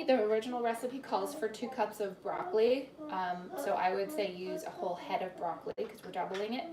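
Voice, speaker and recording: A woman's voice: medium pitch, steady tone, brisk, few pauses, reverberant, recorded from a distance, crowd noise. A woman hosting a live cooking demonstration from her home kitchen, chatting to viewers and greeting them by name as she explains each step. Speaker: cooking demo host and cookbook author.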